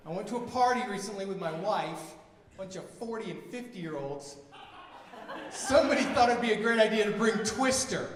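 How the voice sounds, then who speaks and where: A man in his forties performing a stand-up comedy set, telling exasperated stories and shouting his punchlines. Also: high voice, lively intonation, normal speed. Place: comedy venue with live audience. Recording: echoey venue from a distance, audience noise.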